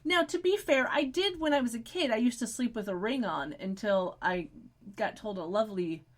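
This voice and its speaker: Woman co-host, casual recap chat, rambly, filler-heavy, softer on anecdotes. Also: on the high side, normal speed. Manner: rambling, frequent "like" fillers, drops quiet for stories. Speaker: podcast co-host.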